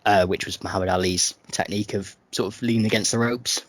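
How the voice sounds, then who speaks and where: Husky low-pitched man, podcast co-host, self-mocking, laughs a lot, dry close mic. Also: steady tone, fast talker, no room sound. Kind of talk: casual chat.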